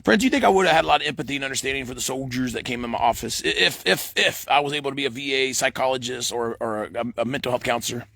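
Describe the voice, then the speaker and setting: Guy in middle age, quick and bouncy delivery, gravelly phone vlog rant outdoors. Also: medium pitch, dry recording. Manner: says "friends" in nearly every line, rambling and excitable. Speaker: vlogger. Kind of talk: rambling monologue to camera.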